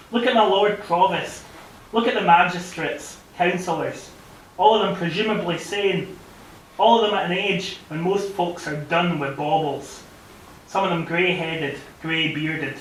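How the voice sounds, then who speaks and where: A man's voice: sits high, fairly bright tone. A young man giving an impassioned, declamatory recitation of a poem as a guest speaker at a club function room. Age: young adult. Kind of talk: dramatic poetry recitation. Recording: very echoey room recording, far from the mic, faint hiss.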